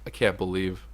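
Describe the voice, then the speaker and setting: Swinging from quiet mutters to loud bursts of excitement, a young man narrates a let's play casually for his gaming YouTube channel.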